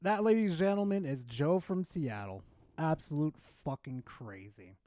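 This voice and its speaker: A man hosting a live stream in casual chat, excitable and swearing freely as he talks to his viewers. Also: fairly high pitch, moderate pace, no room sound. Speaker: streamer host.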